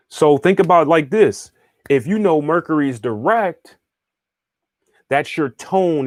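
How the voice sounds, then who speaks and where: A man's voice: on the high side, dry recording, clean studio sound. A man giving a casual spiritual lesson, talking in a conversational way, often checking in with the listener and restarting phrases as he thinks aloud. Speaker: spiritual teacher and astrologer. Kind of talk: casual teaching monologue, answering viewer questions.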